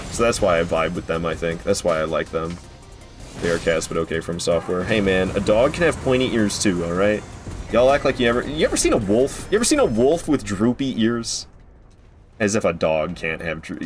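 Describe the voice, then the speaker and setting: Man, game streamer, casual rambling commentary, cusses a lot, faint music behind. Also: fairly low pitch. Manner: rambling, swears freely, goes off on rants. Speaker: streamer playing a video game.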